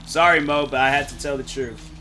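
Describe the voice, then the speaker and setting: A man talks casually to his viewers during a game stream. He thinks out loud and rambles, restarting his sentences. His voice is bright and sharp at an average pitch, with faint music underneath. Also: fairly even intonation, brisk. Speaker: gaming streamer.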